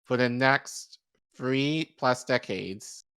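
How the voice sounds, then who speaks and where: A man's voice: mid-range voice, drawn-out words, smooth, no echo. Man reading an article aloud, dry sound. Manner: steady reading with occasional stumbles and self-corrections. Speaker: podcast co-host.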